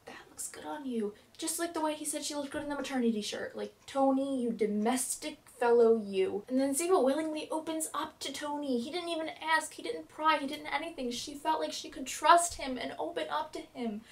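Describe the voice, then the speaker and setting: Young female fan vlogger, dramatic and gushing, high voice, a little distant from the mic. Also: a little fast, few pauses. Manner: gushing, breathless and dramatic, with laughs and swings in loudness. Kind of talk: excited TV episode recap.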